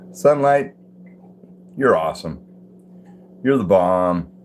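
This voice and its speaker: Laid-back older guy on a home livestream, lowish voice, faint room hum behind. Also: expressive, measured pace. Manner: easygoing, greets viewers by name, chuckles. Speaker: livestream host. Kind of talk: casual live chat reading comments. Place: at home, indoors.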